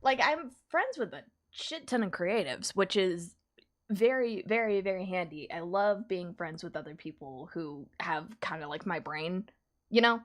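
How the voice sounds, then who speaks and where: A woman artist chatting casually on a live stream while drawing, animated and laughing often. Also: lowish voice, measured pace.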